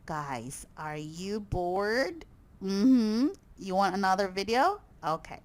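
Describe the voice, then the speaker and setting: A woman's voice: mid-range voice, animated, slow. A woman teaching English vocabulary to students, often checking in with "okay?" and praising answers.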